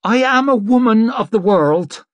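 A man voicing a gruff, sharp-tongued hill woman healer in an audiobook, talking with a dry, mocking edge. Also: high-pitched, lively intonation, unhurried, dry recording, pitched above the performer's own voice.

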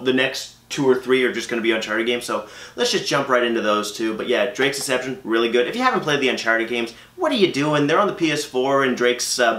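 A man's voice: medium pitch, pushed and bright. A man hosting a casual video game collection vlog, chatty and opinionated, with frequent ums and uhs. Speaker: gaming channel host. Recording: echoey room.

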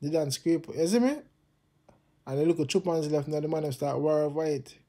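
A Jamaican man hosts his own channel, delivering a casual political rant to camera in heavy patois. His voice is on the high side, warm and fairly quick, and he's impassioned and repetitive.

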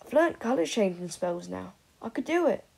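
An excitable teenage schoolboy who keeps pushing his schemes, read by a woman. The voice is husky with a gravelly edge and leaps wildly in pitch. Heard in an audiobook reading. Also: normal speed, heavily acted. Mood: eager. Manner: excited, insistent.

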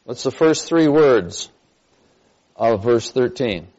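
A man's voice: medium pitch, animated, takes it slowly, a little mellow. A man teaching a church Bible class, stressing key points and quizzing his listeners with questions. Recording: dull lo-fi recording.

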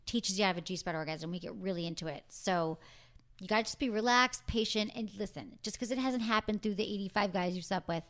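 Frank chatty woman hosting, laughs easy, normal pitch. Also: fast talker, fairly bright tone. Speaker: host. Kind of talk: casual chat.

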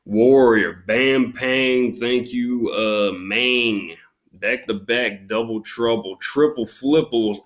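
A man giving casual unboxing commentary at a slow, drawn-out pace, with a voice of ordinary pitch. He complains in exaggerated outrage and punctuates it with loud exclamations. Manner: exasperated, mock-outraged griping with loud exclamations. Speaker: YouTube unboxing host.

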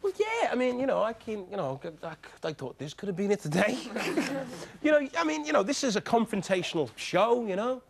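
A man's voice: high voice, sing-song, brisk, vocal fry. A man, a TV guest, answering audience questions in a rambling way with lots of fillers and chuckles. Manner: rambling, frequent "you know" fillers, chuckles often. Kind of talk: studio TV question session.

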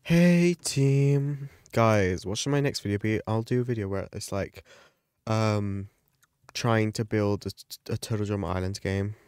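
A man giving casual gameplay commentary as a YouTuber, chatty and excitable, gasping and yelping at the game. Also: on the low side, measured pace, clear, resonant tone, no room sound, studio quality. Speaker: gaming YouTuber.

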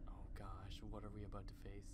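A young man commenting on a boss fight as he plays, swinging from muttering to loud yelps and exclamations. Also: lowish voice, monotone, fast talker, heavy background noise. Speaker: gaming channel host. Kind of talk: excited let's-play commentary. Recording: game music underneath.

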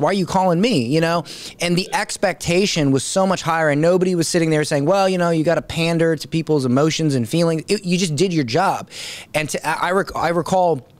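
A man hosting a podcast, asking relaxed, rambling questions backed by his own anecdotes. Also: a little high, brisk, no room sound. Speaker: podcast host. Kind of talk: conversational interview questions.

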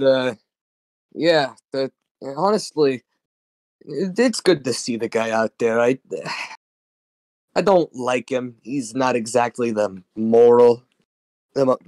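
Deadpan, laid-back man, dry sound. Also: medium pitch, no room sound. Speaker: podcast co-host. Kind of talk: comedic vtuber podcast banter.

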